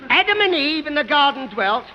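A man's voice: extremely high pitch, very animated, a little fast, in a large hall, dull audio. A man doing cheeky stand-up comedy patter before a live audience. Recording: noisy live recording with a loud crowd.

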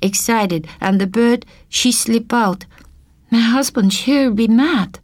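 A woman voicing a shy, eager newcomer wife who speaks in halting, broken English. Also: a little high, darkish tone, dry recording, voice pushed up. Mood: eager, flustered.

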